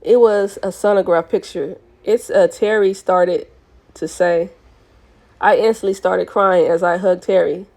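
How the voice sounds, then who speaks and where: A woman's voice: on the low side, fairly even intonation, measured pace, darkish tone. A woman casually reading a novel aloud, stumbling over words and correcting herself with laughing apologies to her listeners. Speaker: audiobook reader of fan fiction.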